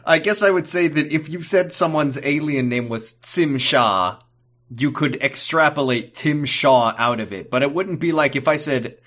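A man's voice: a little high, normal speed, few pauses, a bit bright. A man co-hosting a podcast, chatting casually about a TV episode, rambling and hesitant with many fillers. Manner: rambling, hesitant, with goofy put-on voices. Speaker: podcast co-host. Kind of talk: casual chat recapping a TV episode.

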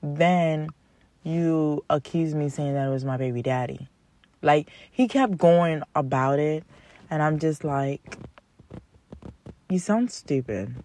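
A woman's voice: low voice, takes it slowly, mellow. A young woman hosting a podcast, telling dating stories in a blunt, exasperated, profane casual rant. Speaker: podcast host.

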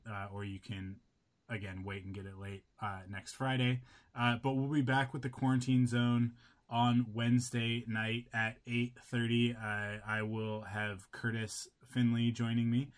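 A man hosting a podcast, signing off in a loose, rambling way with lots of fillers. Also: on the low side. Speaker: podcast host. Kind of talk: casual podcast chat.

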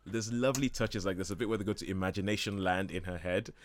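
A man's voice: low voice, quick pace, slight background noise. A man talking casually and enthusiastically about a film as a radio show regular, rambling with many restarts and laughs. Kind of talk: casual chat.

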